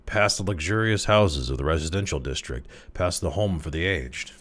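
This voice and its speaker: A man casually reading a classic short story aloud, with expressive, dramatic delivery. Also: low-pitched, normal speed. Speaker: narrator, audiobook reader.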